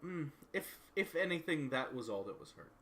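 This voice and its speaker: A man voicing a poised former bar owner, a woman with a guarded, wry, quietly predatory manner in a tabletop role-play. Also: on the high side, very animated, moderate pace, slight background noise. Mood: cool.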